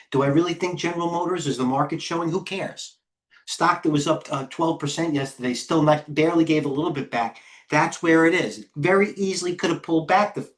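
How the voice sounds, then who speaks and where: A middle-aged man hosting live trading commentary, firing off clipped ticker call-outs and excitedly talking to himself as he trades. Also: a little high. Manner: talks to himself while trading. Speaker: head trader hosting a market livestream.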